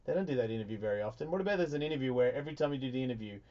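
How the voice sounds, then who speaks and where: A man's voice: medium pitch, lively intonation, racing, dull audio. A man hosting a radio talk show, rambling and swearing through crude banter. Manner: profane, rambling, loud bursts of laughter.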